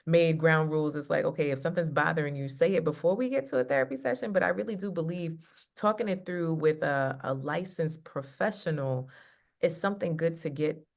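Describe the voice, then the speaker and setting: A woman's voice: sits low, brisk, vocal fry. A woman love coach talking casually over a video call, acting out quotes as she tells stories. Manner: animated storyteller acting out quotes. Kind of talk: casual chat.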